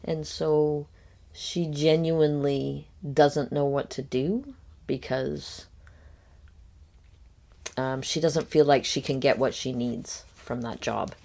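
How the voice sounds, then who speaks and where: A woman hosting a reaction commentary, picking apart a podcast clip in a critical, speculative way with frequent ums and pauses. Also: low voice, fairly even intonation, creaky, warm tone. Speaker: commentary host.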